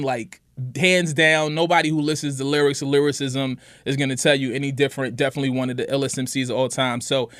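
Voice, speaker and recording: Podcast co-host, middle-aged man, relaxed chat, slightly high voice, dry studio sound. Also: no room sound. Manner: laid-back, fills with "you know what I'm saying". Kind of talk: casual chat.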